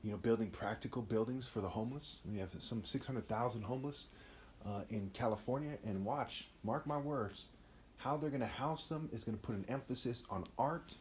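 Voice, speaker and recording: Male vlogger, mid pitch, rambling and emphatic, unscripted monologue. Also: brisk, slight background noise. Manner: rambling, emphatic, frequent "right?" asides.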